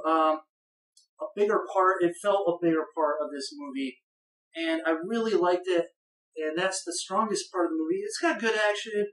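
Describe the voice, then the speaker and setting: A person giving a casual spoken film review in a rambling, conversational way, with bursts of enthusiasm. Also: medium pitch. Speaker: movie reviewer. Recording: roomy echo, voice far from the mic.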